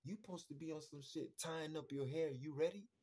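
A man hosting a podcast, ranting bluntly and crudely, swinging between muttering and loud outbursts. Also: a little high, steady tone, a little fast. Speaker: podcast host. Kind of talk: casual podcast rant.

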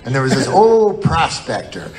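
Crowd laughter fills the room as a middle-aged man performs stand-up live, winding through a story packed with swearing. His medium-pitched voice swoops wildly, and he keeps a moderate pace.

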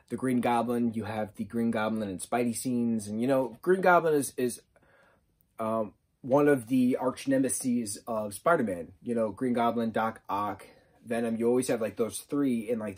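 A man giving a casual spoken movie review, rambling and excitable, full of fillers. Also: medium pitch.

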